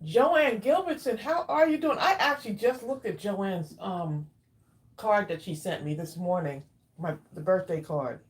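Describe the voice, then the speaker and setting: A woman hosting a casual craft livestream, chatting warmly with viewers by name and drawing out her exclamations while she eats. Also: medium pitch, measured pace. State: eating while talking. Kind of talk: casual live chat with viewers.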